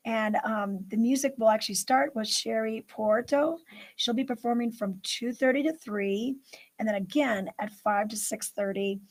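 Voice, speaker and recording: A woman's voice: a little high, normal speed, poor audio. Chatty upbeat woman host. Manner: chatty, upbeat, reads event listings with fillers. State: out of breath. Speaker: news show host. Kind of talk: casual live news show chat.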